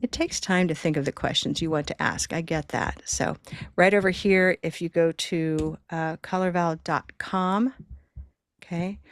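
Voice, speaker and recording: A woman's voice: lowish voice, fairly even intonation, measured pace. A woman hosting a live online pronunciation class, talking in an upbeat, encouraging and chatty way through a computer microphone.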